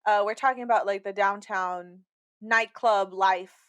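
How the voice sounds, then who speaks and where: A woman's voice: medium pitch, fairly even intonation, unhurried. A young woman, co-hosting a casual podcast chat, emphatic and sassy, with lots of "like" fillers. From Rio Grande Valley, South Texas. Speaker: podcast co-host, painter.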